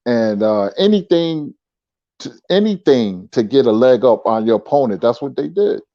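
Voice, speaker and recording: A man talking casually as a guest, telling stories in a relaxed, conversational way. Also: mid-range voice, moderate pace, dry recording. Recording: dull lo-fi sound.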